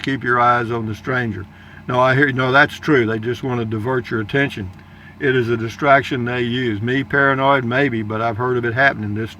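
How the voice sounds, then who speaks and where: A man's voice: medium pitch, bright, forceful tone, a little hiss or hum. An older man reading viewer comments aloud in a folksy, rambling casual chat. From Texas, United States. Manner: folksy, rambling, chuckling asides.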